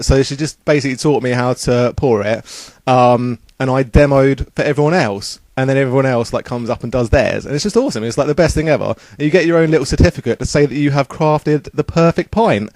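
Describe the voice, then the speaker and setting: A man's voice: mid-range voice, fairly quick, a little mellow, no echo. Rambling, upbeat young man vlogging. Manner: rambling, upbeat, lots of fillers. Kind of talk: casual travel vlog.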